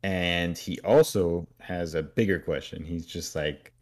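Man, very deep voice, podcast co-host, casual recap, acts out character lines. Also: measured pace, a little mellow. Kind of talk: casual chat recapping a story.

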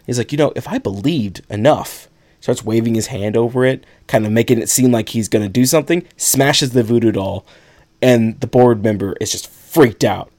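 A man's voice: medium pitch, normal speed, darkish tone. A young man co-hosting a podcast, casually and animatedly retelling a film scene with laughs. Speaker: podcast co-host. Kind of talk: casual chat recapping a film.

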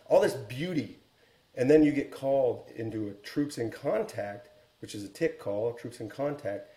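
Earnest male storyteller, mellow voice. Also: medium pitch, lively intonation, moderate pace, echoey room. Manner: earnest, reflective storytelling with small restarts. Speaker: guest, Air Force helicopter pilot and author. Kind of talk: storytelling in a podcast interview.

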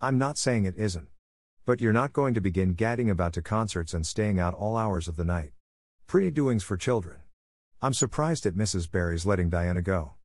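A man's voice: low-pitched, expressive, normal speed, darkish tone, no echo, studio quality. A man voicing a stern older spinster who answers curtly and sarcastically. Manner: curt, sarcastic and scolding.

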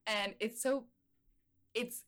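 A woman's voice: on the high side, steady tone, takes it slowly, a bit bright. A woman chatting casually about a film, telling stories with enthusiasm. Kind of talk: casual movie discussion.

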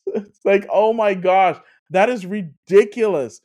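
A podcast host telling a gaming story in casual chat, animated and full of fillers, often laughing along. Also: mid-range voice, a little slow. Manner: laughs through stories.

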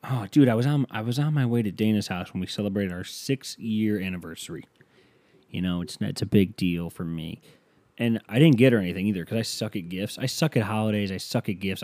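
A man with a lowish, mellow voice hosts his own podcast, telling a story in a loose, rambling way. He swears freely and breaks into animated, mocking bursts. The sound is dry and close to the mic. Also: no echo. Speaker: podcast host. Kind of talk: casual solo storytelling. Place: home near an airport.

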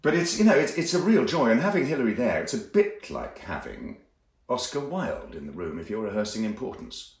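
A man, an actor, talking about his work in an enthusiastic, expressive way with a few restarts. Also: mid-range voice, fairly quick. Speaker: actor, guest. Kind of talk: conversational interview. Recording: roomy, echoey sound.

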